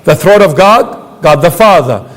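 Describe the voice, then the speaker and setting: A man's voice: a little high, animated, a little slow, fairly bright tone, big-room sound. A man preaching a sermon as a bishop, emphatic, asking rhetorical questions and answering them himself.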